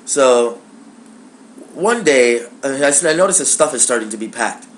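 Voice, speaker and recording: Young male vlogger, casual and profane, animated storytelling, mid pitch. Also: moderate pace, a little hiss or hum. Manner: animated, profane, acts out dialogue. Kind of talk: casual personal storytelling to camera.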